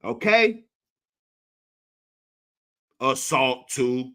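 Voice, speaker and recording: A man hosting a reaction commentary, crude, profane and animated. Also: mid-range voice, drawn-out words. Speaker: host.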